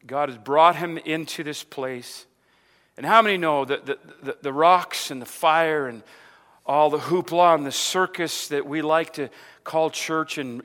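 A male preacher in full sermon, voice bright and pitched a little high, swinging from low asides to loud, emphatic runs. He keeps asking the congregation questions and repeating words. The long reverb of a big hall hangs on every phrase. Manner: repeats words, asks the crowd rhetorical questions; builds to loud emphatic stretches, then drops low.

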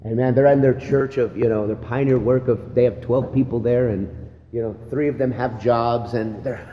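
A man's voice: mid-range voice, fairly even intonation, normal speed, mellow. Man teaching in a reverberant hall. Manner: conversational, repeats "right?" and "again". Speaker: pastor training other pastors. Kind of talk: church leadership teaching talk. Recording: long hall reverb, faint ambient noise.

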